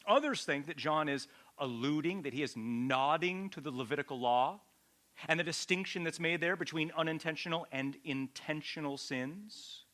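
Male pastor teaching in a sermon; bright, forceful delivery with emphatic peaks and questions to listeners. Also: fairly high pitch, normal speed. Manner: emphatic, rises to loud peaks on key points; addresses listeners directly with questions.

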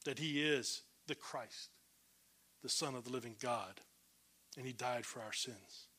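A man preaching a sermon as a pastor, emphatic, swinging between loud declarations and hushed low lines. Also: measured pace, breathy edge.

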